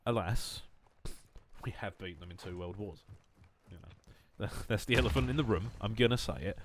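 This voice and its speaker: Man, gaming streamer, lowish voice, loose rambling chat, self-mocking jokes, swears a lot, faint background noise. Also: moderate pace. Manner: loose, wandering talk with restarts.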